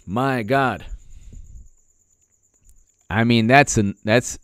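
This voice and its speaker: A man's voice: mid-range voice, animated, measured pace, long pauses, no echo, clean studio sound. Sarcastic man ranting about politics. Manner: sarcastic, repetitive, incredulous. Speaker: political commentator. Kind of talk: casual political rant.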